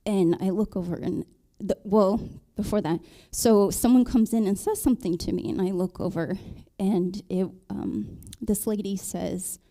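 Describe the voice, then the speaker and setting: Woman telling her story, very dark-toned. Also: mid-range voice, steady tone. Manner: storytelling, halting with many ums and restarts. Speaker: panelist sharing her conversion story. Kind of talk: personal testimony in a panel talk.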